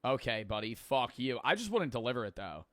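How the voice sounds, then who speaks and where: Man, co-host, mid pitch, dry close sound, blunt and sweary. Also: very animated, fairly quick, fairly bright tone, no echo. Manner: blunt, swears freely, riffs with mock voices. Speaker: co-host reacting to videos. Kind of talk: casual reaction chat.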